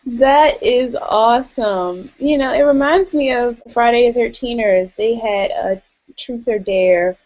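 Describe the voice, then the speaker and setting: A woman's voice: fairly high pitch, measured pace, a little mellow, highs cut off. A woman co-hosting a casual book podcast, joking and teasing her co-host.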